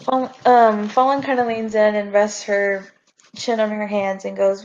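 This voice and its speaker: A woman's voice: mid-range voice, little pitch movement, a little slow. Woman player in a tabletop game. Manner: casual narration of her character's moves. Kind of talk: narrating her character's actions. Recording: dull lo-fi recording.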